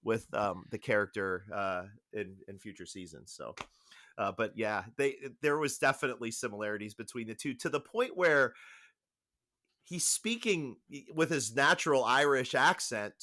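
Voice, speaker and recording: Bright-voiced man, rambling chat. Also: medium pitch, moderate pace. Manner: rambling, self-interrupting, animated. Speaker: podcast co-host. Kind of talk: casual chat.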